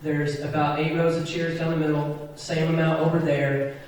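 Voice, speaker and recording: A man in his forties, a Christian musician, telling an animated story to a live audience and often asking "right?" along the way. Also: on the high side, moderate pace. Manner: animated, chatty, keeps checking in with "right?". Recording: echoey hall picked up from far off.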